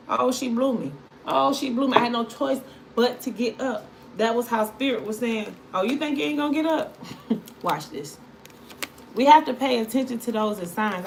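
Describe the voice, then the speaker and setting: A woman, chatting casually with viewers as a tarot reader on a livestream, animated and repetitive. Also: medium pitch, a little hiss or hum. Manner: animated storytelling, repeats phrases, talks to viewers.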